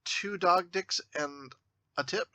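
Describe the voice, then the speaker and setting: A man's voice: sits high, slow pace, sharp tone, dry recording. A man co-hosting a crude movie review podcast, rambling with many restarts. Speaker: podcast co-host. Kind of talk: casual movie review chat.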